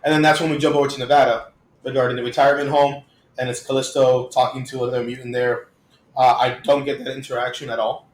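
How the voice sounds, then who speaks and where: A man's voice: mid-range voice, level tone, fast talker. A man co-hosting a casual podcast chat, recapping comic book plots in upbeat detail. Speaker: podcast co-host. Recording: echoey room.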